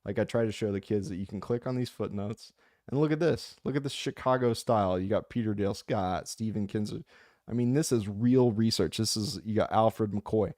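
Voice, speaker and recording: An American audiobook narrator hosts his own channel, chatting casually about a book and reading viewer comments aloud, rambling, joking and getting impassioned. His voice is lowish and a little mellow at a moderate pace, with a dry, clean studio sound.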